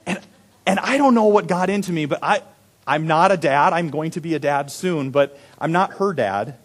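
A young adult man preaching a sermon as a pastor, telling a story with animated delivery that swings from loud emphasis to hushed, quiet moments. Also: fairly high pitch, normal speed.

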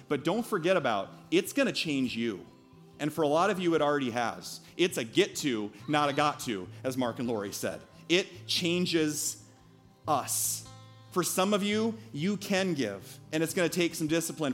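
A male pastor giving a sermon in church, earnest and building to emphatic appeals. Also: on the high side.

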